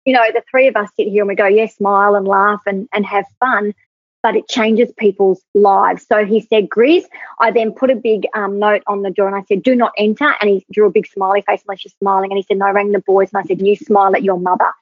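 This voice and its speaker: A woman's voice: mid-range voice, steady tone, brisk, dry recording. A woman, a podcast guest, telling an emphatic, earnest story about leadership. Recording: tinny phone-like, husky, dry.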